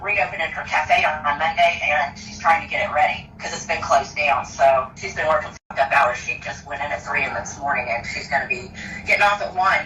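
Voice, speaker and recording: Loose, rambling friend, bright voice, heard from afar in an echoey room. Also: mid-range voice, recorded from a distance, slight background noise. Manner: loose and rambling, many fillers. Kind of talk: casual chat.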